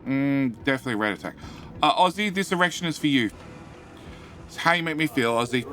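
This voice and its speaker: A man hosting a live game stream, chatting with viewers in a jokey, excitable way and often repeating his words. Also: on the high side, a little fast, slight background noise.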